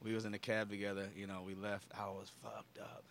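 A man's voice: on the low side, monotone, a little fast, creaky, a bit bright, a little hiss or hum. A man chatting loosely and animatedly, swearing freely as he tells stories in a comedy club. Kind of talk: casual chat.

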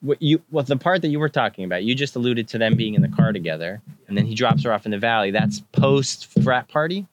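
A man's voice: medium pitch, expressive, quick pace, hardly any pauses, highs cut off, noisy background. Affable male podcast host. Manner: affable, lots of agreeing interjections. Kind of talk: casual chat.

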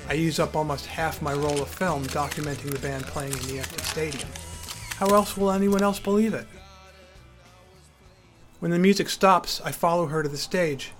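A man's voice: fairly high pitch, steady tone, moderate pace, over music. Wry man narrating his memoir. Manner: wry, conversational storytelling.

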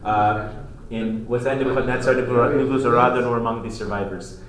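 Brief: history teacher, storytelling lecture, mid pitch, roomy classroom sound. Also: male voice, normal speed, a crowd in the background. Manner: animated storytelling with frequent restarts. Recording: echoey classroom with faint noise.

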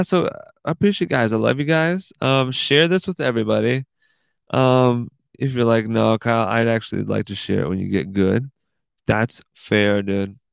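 A medium-pitched man with a gravelly but smooth voice and no echo hosts his own podcast. His casual monologue is a goofy ramble in which "dude" shows up nearly every line.

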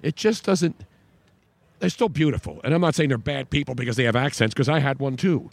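A man hosts a radio talk show, chatting freely and pushing a sponsor's pitch. He stresses points by repeating words. His voice sits at an ordinary middle pitch for a man. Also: animated, a little fast, creaky, dry recording. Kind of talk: casual sports talk with live ad reads.

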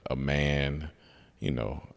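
A comedian guest speaks in a very deep, slow, creaky voice, casually telling a personal story. He's an animated storyteller who acts out the other people's voices when quoting them.

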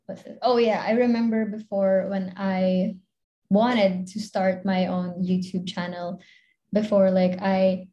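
A woman's voice: mid-range voice, flat delivery, slow pace, dark tone, lo-fi sound. A young woman with a Filipino accent, a content creator chatting casually as an interview guest, rambling with lots of fillers and giggles.

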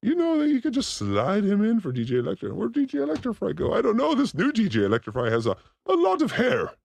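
A man playing a boastful, crude demon character, ranting manically on a live comedy stream with frequent shouted outbursts. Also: high-pitched, huge pitch swings, fast, gravelly, exaggerated voice. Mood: manic.

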